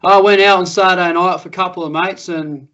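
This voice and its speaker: Laid-back Australian bloke telling stories. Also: male voice, sits high, fairly even intonation, fairly quick, pushed and bright. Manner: laid-back storytelling, laughs through tales. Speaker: podcast co-host. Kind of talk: casual chat. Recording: muffled lo-fi audio.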